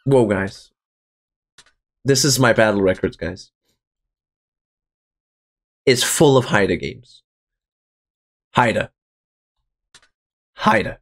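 A young man commenting on his own gameplay, excited and swearing, calling his viewers boys and guys. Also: lowish voice, slow pace, pauses often. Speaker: gaming channel host. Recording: faint music in the background.

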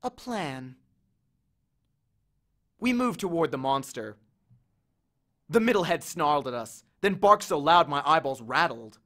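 A man reading a novel chapter aloud with an expressive, animated delivery. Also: a little high, normal speed. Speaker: audiobook reader. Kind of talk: storybook reading.

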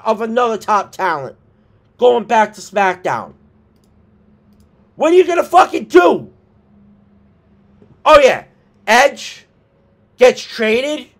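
This wrestling commentator vlogger talks casually, his pitch high for a male voice. Slow and drawling, he peppers his points with curse words and fed-up asides while battling the hiccups.

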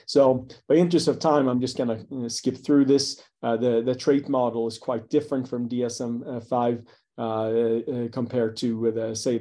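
A man's voice: mid-range voice, warm tone. A man giving a psychology lecture, hesitant with many fillers and the odd dry aside. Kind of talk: academic talk.

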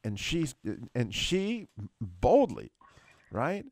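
A creaky, medium-pitched middle-aged man draws out his words as he hosts a radio prayer show, casually retelling a dramatic testimony. He's an animated storyteller whose voice leaps at the emotional peaks, recorded clean in a studio with no echo.

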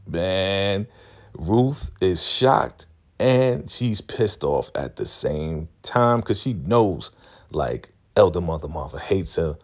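A man casually recapping a TV episode, talking in an animated, storytelling way. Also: sits low, takes it slowly. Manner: animated storytelling, acting out scenes. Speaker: TV recap vlogger.

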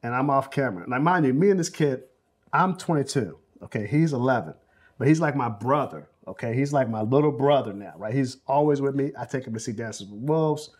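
A man in his forties from South Central Los Angeles, a film director telling anecdotes in an interview, animated and full of fillers, acting out quotes. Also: medium pitch, a little fast, breathy edge. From South Central Los Angeles, USA. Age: 40s. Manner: animated storyteller, acts out quotes, many fillers. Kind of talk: oral history interview, anecdotal storytelling.

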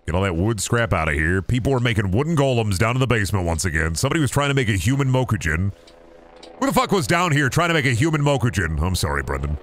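A man streaming a game live, swearing a lot and talking straight to his chat in an excitable, rambling way. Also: on the low side, fast talker, no echo. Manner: profane, excitable, talks to chat. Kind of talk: casual live-stream commentary.

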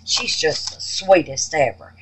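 A woman with a low, expressive voice talks casually to her viewers at a measured pace, showing off resin crafts she calls babies and honey. The home recording is noisy.

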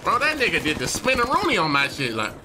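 Excitable cursing gamer man. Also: sits high, quick pace. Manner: profane, excitable, swings to yelling. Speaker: gaming streamer. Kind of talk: live gameplay commentary. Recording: game gunfire noise behind.

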